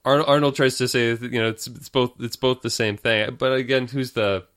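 A man co-hosting a casual movie podcast, speaking in a measured, thoughtful way. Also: mid-range voice, fairly even intonation, fairly bright tone. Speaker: podcast co-host.

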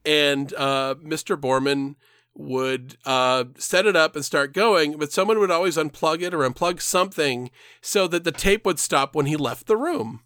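A man with a somewhat high voice tells a meandering story in casual podcast chat, cursing freely and chuckling between his thoughts. He sits close to the mic in a dry, deadened room. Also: moderate pace, a bit bright, no echo. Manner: rambling, swears freely, laughs mid-story.

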